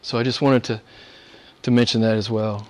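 A man's voice: fairly low pitch, level tone, normal speed, darkish tone. A middle-aged man preaching a sermon, rising and falling emphatically as he exhorts his listeners.

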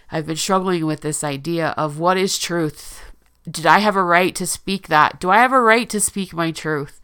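Smooth-voiced woman, earnest confessional talk. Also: on the low side, moderate pace, fairly bright tone. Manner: earnest, emotional, self-correcting restarts. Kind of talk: confessional personal monologue.

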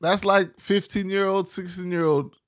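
A man's voice: high-pitched, fairly even intonation, moderate pace. A man in a casual chat, teasing his friends bluntly in slang.

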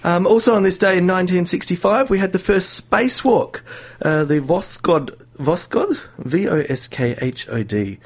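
A man's voice: high voice, lively intonation, moderate pace. Chatty radio host, man. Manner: chatty, laughs often, many fillers. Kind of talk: casual radio chat.

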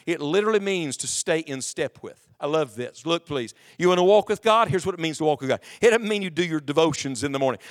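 His voice sits a little high with a fairly bright tone. In the sanctuary, the pastor reads aloud from the King James wording and asks his congregation emphatic questions during the sermon.

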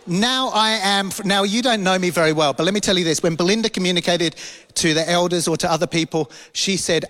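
A man preaches in a church hall, his fairly high voice carrying a long reverb tail. He tells a personal story with lively energy, acting out the voices and laughing at himself as he goes. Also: normal speed. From London. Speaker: pastor.

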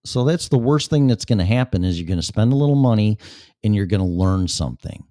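A man's voice: fairly low pitch, sing-song, quick pace, warm tone, no echo, studio quality. A man hosting his own talk show, reading a chat room aloud and answering it in a blunt, sarcastic way with plenty of swearing.

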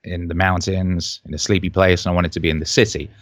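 Man from Wales, musician guest; lowish voice, animated anecdotes, dry mic. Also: quick pace, no echo. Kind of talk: casual storytelling interview.

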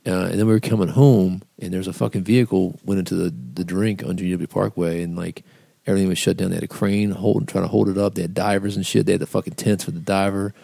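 Low gravelly man telling rambling stories. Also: fairly even intonation, fast, mellow, no echo, studio quality. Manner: rambling, swears a lot, acts out quotes. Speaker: podcast co-host. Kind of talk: casual profane storytelling.

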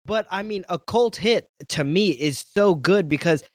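A man's voice: sits high, measured pace, no echo, studio quality. A man hosting a casual interview and asking questions in an easygoing, conversational way. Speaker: podcast interviewer.

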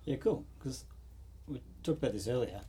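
A man's voice: medium pitch, lively intonation, moderate pace, dark tone, slightly rough. A man co-hosting a casual chat, laid-back, often trailing off and laughing. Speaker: podcast co-host. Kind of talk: casual chat about guitar pedals.

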